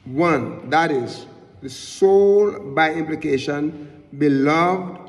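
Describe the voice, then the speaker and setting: A man teaching a Bible lesson in sermon style, halting and repeating his words often as he explains a word's meaning. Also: fairly high pitch, big-room sound.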